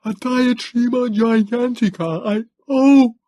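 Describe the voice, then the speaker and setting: Frail, pedantic male Morlock, thin high voice, slow clipped delivery, slightly husky, as an audiobook narrator puts him on. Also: sing-song, mellow, full character voice. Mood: anguished. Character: frail small male Morlock, precise scholar.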